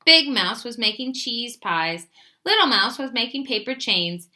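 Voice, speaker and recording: Expressive woman reading a children's story. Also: on the high side, unhurried. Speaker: librarian. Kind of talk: children's story read-aloud.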